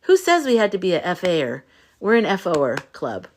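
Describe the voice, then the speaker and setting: A woman's voice: fairly low pitch, wildly swooping pitch, moderate pace, a little mellow. A middle-aged woman hosting a casual livestream, talking to viewers in a playful, rambling way and swearing now and then. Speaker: livestream host, spiritual coach.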